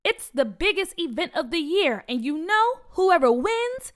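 A woman's voice: very high-pitched, very animated, unhurried, voice pushed up, exaggerated voice. A woman voicing a chatty, eager fifth-grade girl in a storybook reading.

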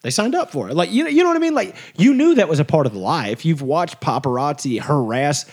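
A young man in casual podcast chat with a somewhat high, very lively voice. He riffs fast, acting out the people he quotes. His pitch rises and falls all the time. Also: husky. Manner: animated, acts out quoted voices. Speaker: podcast co-host.

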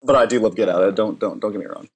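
A man co-hosting a podcast, laughing a lot and joking in an animated, playful way. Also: lowish voice, quick pace, background noise. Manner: giggly, animated, big laughs. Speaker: podcast co-host. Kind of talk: casual podcast banter.

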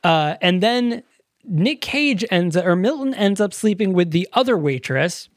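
A woman's voice: medium pitch, unhurried, no echo, studio quality. Young woman casually recapping a movie plot. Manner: recaps plot loosely, swears casually, relaxed. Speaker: podcast co-host. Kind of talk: casual movie review chat.

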